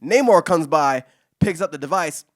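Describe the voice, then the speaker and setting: A man in his forties, a poet answering audience questions at a reading, talking fast and excitedly with many restarts and casual swearing. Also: on the high side. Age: 40s.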